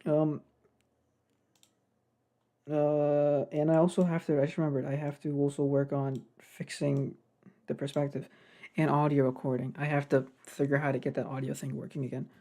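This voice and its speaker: A man's voice: mid-range voice, little pitch movement, fast talker, dark tone. A young man casually narrating his game development work, rambling and getting sidetracked. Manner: rambling, self-deprecating, gets sidetracked. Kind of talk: casual devlog commentary.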